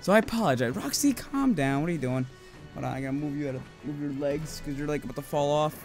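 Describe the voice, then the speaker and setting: A gaming video host with a somewhat high voice talks fast over soft background music, casually commenting on his game. He swears, jokes, reads the game's dialogue aloud, and sounds slightly sick.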